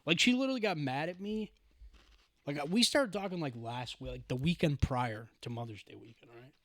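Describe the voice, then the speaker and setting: A young man co-hosting a casual podcast, telling excitable stories with lots of swearing and mimicking the voices of others. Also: on the high side, fairly quick, dry recording. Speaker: podcast co-host. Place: podcast studio.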